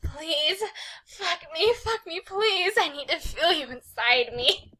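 A woman voicing a young man in a fanfic who begs his lover, read aloud in an exaggerated, breathy pleading way. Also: very high voice, expressive, slow pace, bright, forceful tone, voice pushed up, heavily acted.

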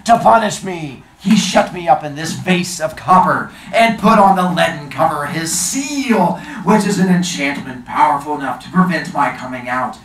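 A man playing a booming, haughty giant genie. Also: lively intonation, a bit bright. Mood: grim. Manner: booming, slow and stately, archaic speech. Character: haughty giant male genie, grumpy and threatening. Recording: roomy, distant mic, faint noise.

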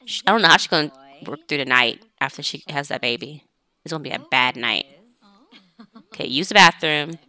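A woman's voice: low voice, fairly quick, bright, forceful tone. A woman giving casual, chatty gameplay commentary, talking straight to her game characters as she plays. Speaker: let's play gamer.

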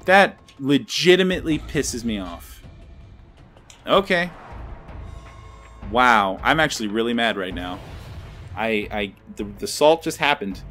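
Young male gameplay commentator, mid-pitched, swears freely, faint music underneath. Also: expressive, measured pace, pauses often, bright, forceful tone. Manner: swearing, frustrated ranting. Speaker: gameplay video creator. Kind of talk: live card-game commentary. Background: faint background music.

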